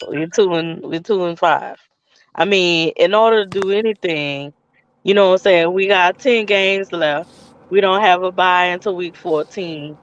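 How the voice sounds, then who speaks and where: A woman's voice: fairly low pitch, unhurried, lo-fi sound. A woman, co-hosting a casual sports podcast and talking in a dejected, scolding way. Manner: dejected, then heated and scolding. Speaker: podcast co-host.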